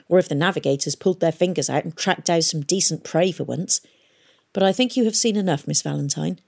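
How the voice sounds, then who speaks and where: A woman's voice: lowish voice, gravelly, a little mellow. A woman voicing a pompous, curt middle-aged male prison warder.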